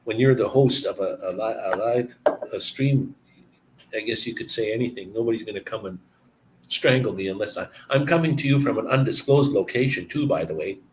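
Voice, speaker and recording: A man's voice: fairly low pitch, a little fast, a little mellow, slight background noise, rough recording. Rambling chatty man on a live stream. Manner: rambling, chuckling, chatty storyteller. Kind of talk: casual live-stream chat.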